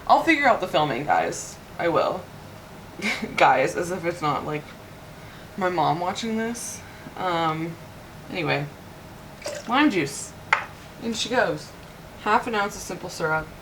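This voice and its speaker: A young woman in casual, excitable chat to camera while mixing a drink in her apartment kitchen. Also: on the low side, slow pace, pauses often, background noise. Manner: chatty and excitable, rambling asides. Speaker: vlogger. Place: cold home apartment kitchen.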